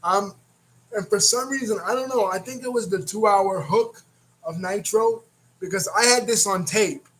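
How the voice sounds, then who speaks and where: A man's voice: high-pitched, moderate pace, a bit bright, rough recording. A man hosting a casual wrestling recap, rambling and often restarting his words. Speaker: wrestling reaction host.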